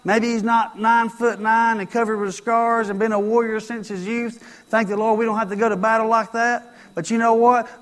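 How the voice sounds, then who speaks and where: A man's voice: extremely high pitch, a bit bright, in a large hall. A man preaching a sermon, telling a story and acting out its lines, repeating phrases for emphasis.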